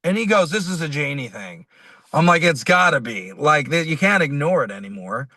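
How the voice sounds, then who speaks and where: Guy musician in an interview, kinda high bright voice, rambles and acts out what people said, dry sound. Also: normal speed, no echo. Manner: animated, rambling, acts out quoted dialogue. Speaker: musician guest. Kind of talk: storytelling in an interview.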